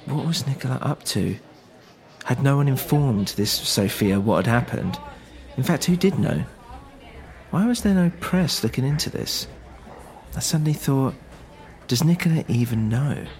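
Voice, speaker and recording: A man's voice: mid-range voice, lively intonation, moderate pace, darkish tone. A man narrating a serialized first-person story in a tense, introspective way.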